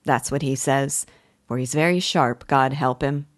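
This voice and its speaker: A woman's voice: extremely low pitch, a little slow, dry recording, clean studio sound. A woman reading the part of a kindly, pious village wife who chats earnestly in rustic country dialect. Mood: humble.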